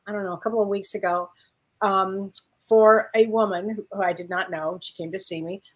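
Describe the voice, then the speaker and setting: A woman's voice: mid-range voice, steady tone, fairly quick. A woman co-hosting as a medium, telling a story in casual chat with plenty of fillers. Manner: anecdotal storyteller, frequent fillers. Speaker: medium and co-host.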